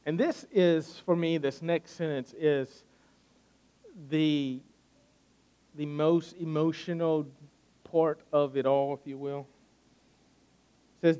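A man preaching in a loose, conversational way, his voice sitting a little higher than most men's. He retells a scripture story and keeps doubling back on his words as he talks. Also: fairly even intonation, slow, long pauses, warm tone, smooth. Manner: conversational, repeats words when restarting. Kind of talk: sermon storytelling.

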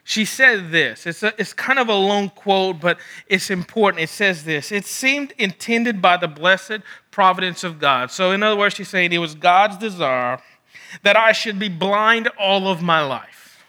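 A man's voice: high-pitched, lively intonation, measured pace, sharp tone. A man preaching a sermon, emphatic and repeating phrases for stress.

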